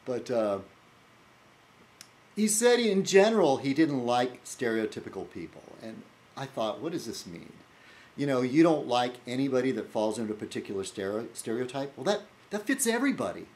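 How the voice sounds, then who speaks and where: Rambling, lively male video blogger. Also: mid-range voice, moderate pace. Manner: rambling, full of fillers and restarts, wry. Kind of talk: casual rambling monologue.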